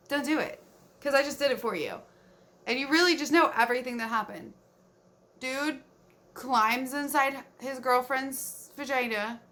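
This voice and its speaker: A woman's voice: fairly high pitch, a bit bright. A woman book vlogger recapping a novel in casual chat, blunt and incredulous, swearing freely.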